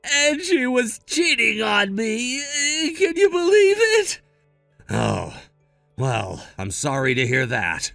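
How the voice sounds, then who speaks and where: A man's voice: very high voice, huge pitch swings, slow, vocal fry, pushed and bright, dry recording, full character voice. A man voicing a selfish, rude grown brother in a read-aloud text-message story, blunt and sneering. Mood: upset. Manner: blunt, sneering, then pleading. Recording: dry close mic with faint music.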